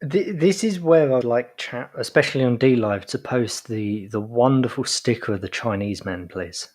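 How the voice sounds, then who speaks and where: A man co-hosting a live political talk show, dropping wry, joking asides. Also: mid-range voice. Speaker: co-host.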